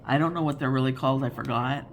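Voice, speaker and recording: A woman's voice: very deep voice, steady tone, fast, a little hiss or hum. A woman in her fifties hosting a casual crafting chat, rambling and chatty and laughing often. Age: 50s. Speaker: crafting channel host.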